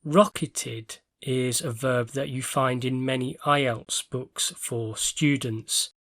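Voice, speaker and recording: A male English teacher talks through a vocabulary lesson at an unhurried pace, every word set down clearly and deliberately. His voice sits at an ordinary pitch and is recorded very dry and close, with no room sound around it. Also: fairly even intonation, fairly bright tone, no room sound. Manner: clear, measured explanation with careful word stress.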